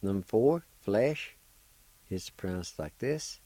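A man teaching a language lesson on radio, spelling out words slowly and deliberately, syllable by syllable, with an encouraging manner and a Cherokee-speaking Oklahoma accent. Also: lowish voice, warm tone, no echo, rough recording.

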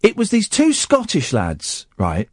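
A man's voice: sits high, huge pitch swings, a little slow, slightly rough, no room sound, clean studio sound. A man hosting a late-night radio phone-in, chatty and rambling with many restarts. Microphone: studio microphone.

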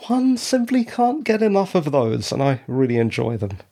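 Slow, opinionated male reviewer. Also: a little high, mellow. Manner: opinionated, measured, dryly critical. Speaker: podcast reviewer. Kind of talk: solo review commentary.

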